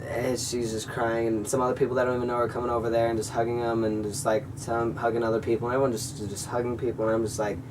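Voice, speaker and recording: Speaking quickly with hardly any pauses, this young man delivers a personal vlog story in a completely flat, medium-pitched voice. It's a casual, earnest, rambling telling full of fillers, with occasional acted-out quotes. The mic is distant and background noise is audible.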